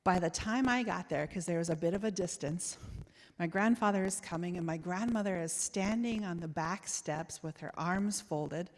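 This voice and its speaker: Low-voiced woman telling a story in a church. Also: moderate pace. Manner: warm reminiscing storyteller, frequent soft laughs. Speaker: guest speaker. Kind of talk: storytelling sermon. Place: church sanctuary. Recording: church hall with long reverb.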